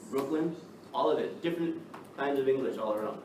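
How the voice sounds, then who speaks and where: A man from the United States teaching an English class, lively and checking in with the students by asking "right?" again and again. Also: medium pitch, brisk. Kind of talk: classroom lecture. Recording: echoey classroom from far off, noisy.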